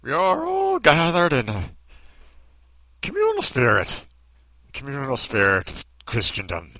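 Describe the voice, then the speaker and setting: Brief: cartoonish Irish-brogue priest, sing-song, over the top, lively lilt, a man doing the voice. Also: mid-range voice, measured pace, no echo, exaggerated voice. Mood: solemn. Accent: Irish, exaggerated.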